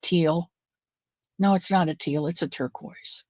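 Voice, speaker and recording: A woman's voice: fairly low pitch, a little slow, breathy edge, dry recording, muffled recording. A woman hosting a casual crochet livestream, chatting to viewers by name and drifting off onto side stories. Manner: chatty, addresses viewers by name, wanders off-topic. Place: home craft room.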